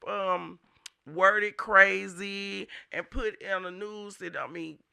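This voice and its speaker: St guy ranting on his show, real sharp bright voice, cussing a lot, heated. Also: sits high, fairly even intonation, slow, gravelly, clear, resonant tone. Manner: heated, profane, blunt. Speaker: show host. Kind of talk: unscripted ranting monologue.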